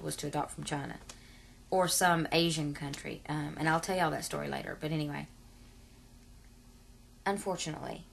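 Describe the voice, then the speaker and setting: In casual vlog talk to camera, a woman in her 30s rambles at length, full of fillers and asides. She has a low-pitched voice with vocal fry, and there's slight background noise.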